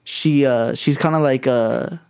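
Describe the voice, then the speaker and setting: A man of middle pitch tells a story in casual, profane talk. His telling is animated and full of fillers. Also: measured pace, smooth. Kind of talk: casual chat.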